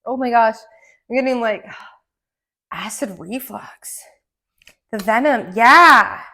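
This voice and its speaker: Excitable, rambling woman reading tarot. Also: on the high side, slow pace. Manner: excitable, rambling, frequent gasps and laughs. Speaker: tarot card reader. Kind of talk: casual channeled tarot reading. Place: indoor room. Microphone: camera mic.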